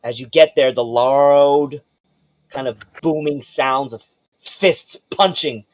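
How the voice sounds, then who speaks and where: A man's voice: mid-range voice, fairly even intonation, normal speed, no room sound. Man narrating as game master.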